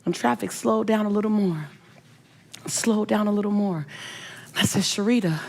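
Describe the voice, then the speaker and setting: A middle-aged woman, a motivational speaker, telling an emotional personal story with animated, emphatic delivery and repeated phrases. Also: medium pitch, normal speed, vocal fry.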